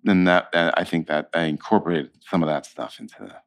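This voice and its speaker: Deep voiced guy in his 50s, actor being interviewed, animated storyteller. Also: fairly quick. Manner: animated storyteller, acts out quotes. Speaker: actor guest. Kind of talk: casual interview chat.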